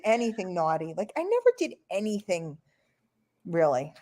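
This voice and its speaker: A woman's voice: fairly low pitch, very animated, moderate pace, mellow. A woman from New York hosting an online call in casual, rambling chat. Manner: chatty, rambling, playful.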